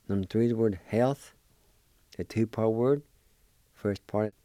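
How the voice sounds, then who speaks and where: A man teaching a language lesson, spelling and pronouncing words slowly, syllable by syllable. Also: on the low side, dark tone, no echo, clean studio sound. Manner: slow, deliberate, syllable by syllable. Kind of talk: slow spelling and pronunciation lesson.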